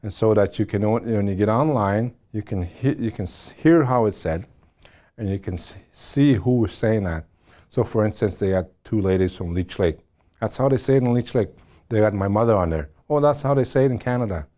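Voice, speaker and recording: A man's voice: lowish voice, moderate pace, warm tone. A middle-aged man teaching a language class, patiently repeating words and spelling them out.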